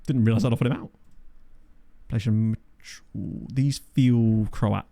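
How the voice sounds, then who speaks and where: A man giving casual gameplay commentary from a home desk microphone, chatty and thinking aloud, often breaking into excited exclamations. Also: fairly low pitch, slow, vocal fry. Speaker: game commentator.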